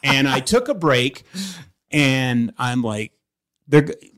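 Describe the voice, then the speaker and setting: A middle-aged man hosting a podcast in a studio, telling animated stories and laughing often. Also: mid-range voice, takes it slowly. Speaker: podcast host. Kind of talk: casual studio chat.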